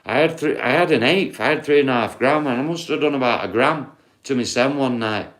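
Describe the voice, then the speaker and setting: A man with a broad Yorkshire accent hosts a livestream and talks straight to his viewers. He tells loose, rambling stories full of swearing, at an ordinary middle pitch. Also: fairly quick, fairly bright tone. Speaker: livestream host.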